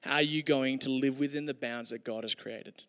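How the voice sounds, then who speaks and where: A man's voice: medium pitch, steady tone, moderate pace, fairly bright tone. A man giving a conversational, humorous sermon with storytelling, with hesitations, in a hall with long reverb. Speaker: preacher.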